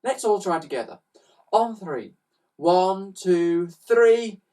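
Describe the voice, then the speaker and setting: A man's voice: high voice, wildly swooping pitch, moderate pace, voice pushed up, full character voice. A man voicing an eager, bossy young boy, recorded on a slightly distant mic. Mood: gleeful. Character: cheeky, excited young boy hero.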